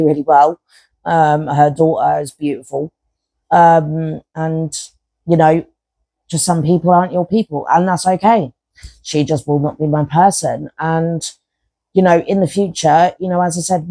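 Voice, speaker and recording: Woman podcast host: frank, rambling monologue, even delivery, dry close sound. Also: low voice, no room sound, low-quality recording. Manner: frank and rambling, many fillers, swears casually. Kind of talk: candid personal monologue.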